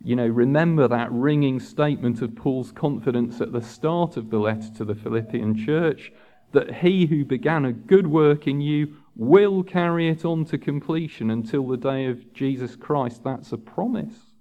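Male preacher, earnest and unhurried, mellow tone, dull lo-fi recording. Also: mid-range voice. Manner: measured, earnest, rising for emphasis. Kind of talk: sermon. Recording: dull lo-fi sound.

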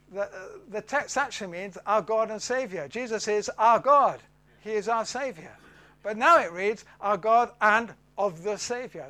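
A man with a fairly high voice gives a Bible teaching talk. He pauses often with fillers, and his voice drops off at the end of each phrase. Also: a bit bright. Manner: hesitant, many fillers, voice falls away at phrase ends.

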